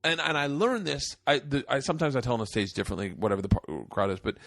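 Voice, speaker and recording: A man in his forties with a medium-pitched, fast, creaky voice, recorded dry. He hosts a podcast, chatting casually and animatedly while telling stories full of profanity.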